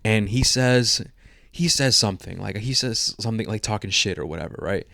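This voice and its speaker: Man, podcast co-host, casual chat, swears a lot, lowish voice, dry close sound. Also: fairly quick, creaky, no echo. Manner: profane, animated storytelling.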